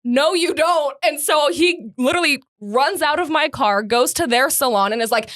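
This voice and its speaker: A woman's voice: sits high, moderate pace, no room sound, clean studio sound. A woman co-hosting a podcast, telling a story with acted-out quotes and frequent laughter in casual chat. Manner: animated storyteller acting out quotes, laughs often. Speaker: podcast co-host.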